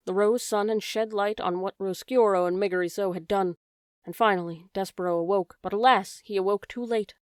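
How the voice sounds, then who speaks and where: A woman narrating a children's audiobook, gentle and speaking straight to the reader. Her voice is smooth, clear and mid-pitched. The recording is close and dry. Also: dry recording. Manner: gentle, addresses the reader directly.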